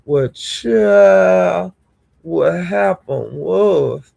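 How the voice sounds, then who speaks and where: A woman's voice: fairly low pitch, extremely slow, gravelly, warm tone. A woman vlogger giving casual gossip commentary to her viewers, blunt, profane and indignant.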